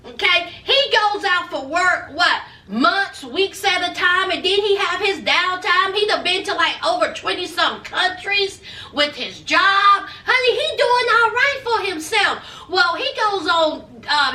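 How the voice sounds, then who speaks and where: A woman's voice: very high voice, bright, forceful tone, recorded from a distance. A woman recapping a reality show in a sassy, gossipy way, calling her listeners honey and child. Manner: chatty gossipy storytelling with laughs. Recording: roomy echo, voice off-mic.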